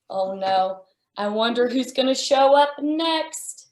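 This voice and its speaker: Young woman, kids' story-time reader, slow and wide-eyed, higher voice, echoey room. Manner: animated and wondering, with frequent gasps, speaking to a child audience. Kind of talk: reading a picture book aloud to young children.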